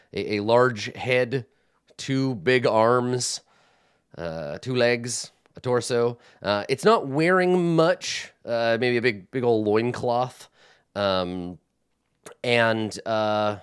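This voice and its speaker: Meneur de jeu lent, voix claire. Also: male voice, medium pitch, clear, resonant tone. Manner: unhurried, with many fillers and restarts while describing. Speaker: game master. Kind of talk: narrating a tabletop game.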